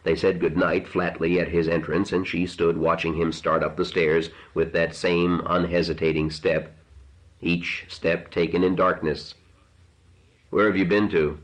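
Deep-voiced man reading a novel aloud. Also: flat delivery, unhurried. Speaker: narrator. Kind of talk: audiobook narration. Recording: dull lo-fi recording.

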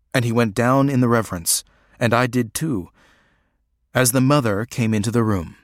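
A man narrating an audiobook in a measured, even way. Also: mid-range voice, dry recording, clean studio sound.

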